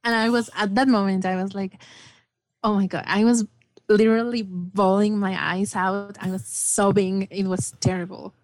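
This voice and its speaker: A woman's voice: medium pitch, little pitch movement, moderate pace, darkish tone, dry recording. A woman guest chatting casually about a film, enthusiastic and rambling with many fillers. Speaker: podcast guest.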